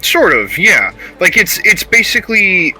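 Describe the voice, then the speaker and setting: A man co-hosting a casual podcast chat, excitable and rambling, swearing and bursting into loud high exclamations. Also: measured pace, slightly rough, soft background music. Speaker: podcast co-host.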